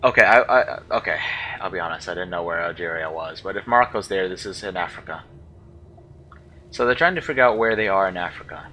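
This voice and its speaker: A man with a low voice and a bright, forceful tone, talking through a game as he plays. He thinks aloud and hesitates, puzzling over how to say unfamiliar words. A faint hiss of noise sits behind him. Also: a little fast, low-quality recording. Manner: thinking aloud, unsure, musing over pronunciations. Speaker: let's play gamer. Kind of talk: casual gameplay commentary.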